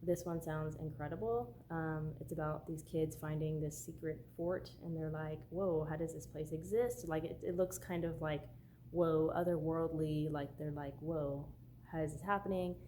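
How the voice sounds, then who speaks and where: A woman's voice: low-pitched, steady tone, moderate pace, warm tone, a little hiss or hum. A woman chatting casually in a book haul vlog, bubbly and gushing, with lots of "like" fillers. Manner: bubbly, gushing, says "like" often. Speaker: book vlogger.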